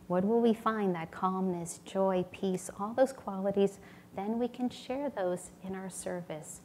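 A woman's voice: medium pitch, unhurried, a little mellow, a little hiss or hum. A woman giving a sermon at a spiritual community temple, earnest and storytelling, acting out little voices in her anecdotes.

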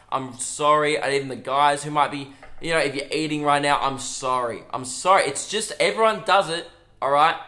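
A man's voice: fairly high pitch, sharp tone. A young Australian man, a comedian hosting his own podcast from a hotel room, telling a rambling, profane, self-mocking story. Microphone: camera propped on a coffee table.

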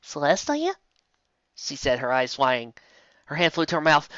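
Woman voicing an emotional woman, breathless, high exclamations, lo-fi. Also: very animated, a little slow, a bit bright, no echo, heavily acted. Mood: overwhelmed. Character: adult woman, emotional and overwhelmed. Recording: dull lo-fi dry recording.

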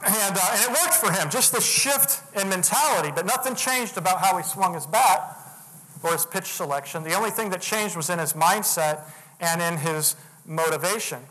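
A man with a high, bright voice gives a motivational keynote. He tells his story earnestly and becomes lively when he acts out what others said. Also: normal speed, low-quality recording. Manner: earnest, builds to animated retellings. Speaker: motivational speaker.

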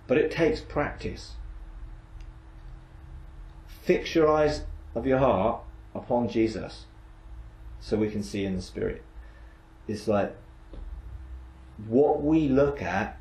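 In a roomy, echoing space, a man with a lowish, darkish voice guides listeners through a faith meditation, slow and expressive with plenty of pauses. The session is informal and rambling, peppered with "you know," side remarks, and sentences he starts over.

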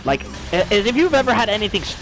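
A man's voice: sits high, sing-song, quick pace, over music. A man streaming a game while telling a story in casual, profane slang, calling his listeners bro.

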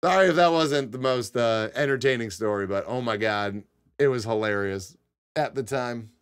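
A young man streaming live, telling a long story to his chat in a casual, animated way, swearing and laughing a lot. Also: mid-range voice, normal speed, smooth. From Connecticut. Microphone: desk mic.

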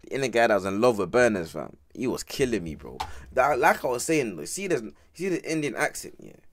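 A man's voice: mid-range voice, sing-song, brisk. A man streaming a casual reaction, talking to his chat in slang and laughing often. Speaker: streamer reacting to a music video.

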